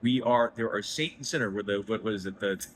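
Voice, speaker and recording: A man talking emotionally about his faith in a festival interview, rambling and self-deprecating, his voice leaping higher when he gets excited. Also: fast, slightly rough, poor audio. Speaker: guest, head of a liberty organization. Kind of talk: emotional faith-filled conversation. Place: festival booth, indoors.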